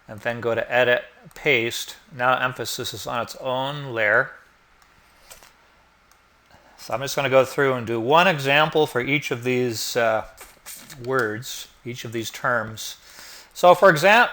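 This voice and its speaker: Bright-voiced man teaching design software. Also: medium pitch. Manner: relaxed, explanatory, thinking aloud with fillers. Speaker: instructor. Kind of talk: screen-recorded software tutorial.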